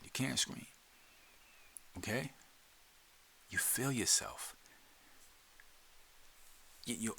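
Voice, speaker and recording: Bright-voiced man with a Jersey accent. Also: mid-range voice, breathy edge. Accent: New Jersey. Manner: loose and streetwise, repeats words, drops into whispers. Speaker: podcast host. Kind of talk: casual guided instruction.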